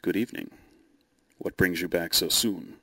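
A man voicing a calculating male dragon, speaking in a dry, measured, quietly menacing way. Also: sits low, fairly even intonation, gravelly, no echo, exaggerated voice. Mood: dry, wary.

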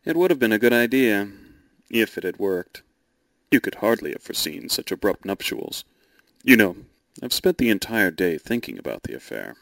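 A man playing a scheming young knight, speaking in a brisk, lively, matter-of-fact way. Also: lowish voice, vocal fry, no room sound, exaggerated voice. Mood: brisk, plotting.

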